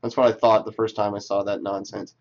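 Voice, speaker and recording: A man's voice: lowish voice, level tone, fairly quick, lo-fi sound. A man reading tweets aloud and talking back to them in casual, sarcastic, profane commentary. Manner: sarcastic, profane, talks back to what he reads.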